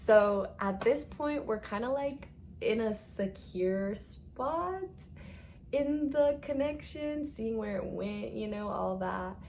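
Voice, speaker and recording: A woman's voice: on the high side, animated, slow, darkish tone, slight background noise. A young woman telling a casual storytime to her viewers, chatty and dramatic, with lots of "like" and swearing.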